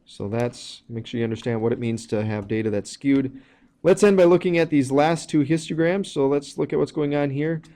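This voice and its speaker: A man's voice: medium pitch, normal speed, dark tone. A man teaching a recorded math lesson, walking through each step plainly with some fillers. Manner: plain explanatory, walks through steps with fillers.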